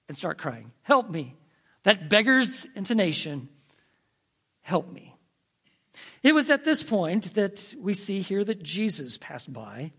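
A man preaching a storytelling sermon, dramatic, swinging between hushed, drawn-out phrases and emphatic bursts. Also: high-pitched.

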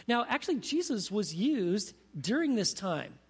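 A man preaching a sermon as pastor, animated, asking his congregation questions as he teaches. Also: high voice, measured pace, husky. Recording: long reverb of a large hall.

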